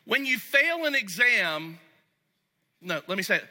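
A man preaching a sermon as pastor, talking to the congregation conversationally and going soft and low when he reads scripture. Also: sing-song, a little slow. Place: church sanctuary. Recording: long reverb of a large hall.

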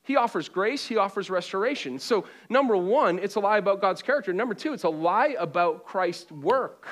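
A man in the pulpit, his voice pitched high, preaching with call-and-response. He swings between ringing exhortation and quiet, hushed passages, and drops in joking asides to the room. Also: lively intonation, normal speed. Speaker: pastor. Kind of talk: sermon. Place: church auditorium with congregation.

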